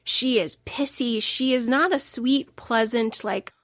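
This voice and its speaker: A woman's voice: fairly high pitch, unhurried, hardly any pauses, dry recording. Emphatic woman podcaster, dry sound. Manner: emotional, emphatic storytelling with sudden loud bursts. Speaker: podcast host. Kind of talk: solo podcast book review.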